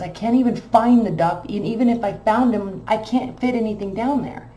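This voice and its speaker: A woman's voice: medium pitch, moderate pace, few pauses. Emotional woman telling a story, echoey room. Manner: emotional, animated retelling with many fillers. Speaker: tarot channel host. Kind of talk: casual storytelling.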